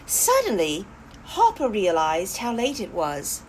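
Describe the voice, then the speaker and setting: Animated woman reading a children's story. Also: mid-range voice, slow, slight background noise. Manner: animated, talks to young listeners. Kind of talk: children's story read-aloud.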